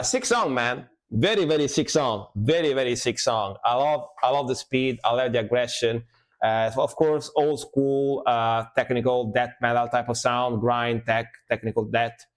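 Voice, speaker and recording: Chatty man reacting to metal. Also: medium pitch. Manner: chatty, laughs often, repeats phrases. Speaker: music reaction streamer. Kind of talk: casual live reaction chat.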